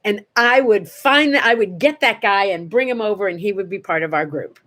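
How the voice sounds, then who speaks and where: An older woman hosting a casual morning chat, telling stories in an animated way and acting out the voices in them. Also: medium pitch, moderate pace. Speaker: host.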